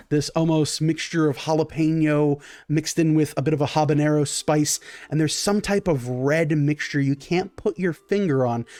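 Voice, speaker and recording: A man's voice: fairly high pitch, dark tone. Loose, vivid man narrating as game master. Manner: vivid, loose storytelling with many fillers. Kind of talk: improvised tabletop game narration.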